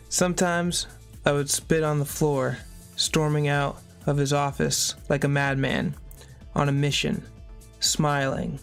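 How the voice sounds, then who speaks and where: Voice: medium pitch, little pitch movement, a little slow, vocal fry, smooth, soft background music. A reader reading a memoir aloud in a plain way, breaking off now and then for short spoken asides.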